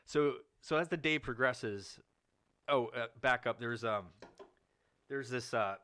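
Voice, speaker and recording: A man hosting a podcast, telling a long story in casual chat, swearing often and rambling with fillers. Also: slow. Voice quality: profane, rambling delivery with many fillers. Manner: acts out quoted people with sudden loud, higher outbursts. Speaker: podcast host.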